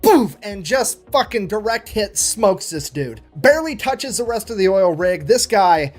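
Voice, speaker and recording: A man narrating a history story in a comedic, animated way, cursing freely. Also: high voice, unhurried, soft background music. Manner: animated, profane, jokey.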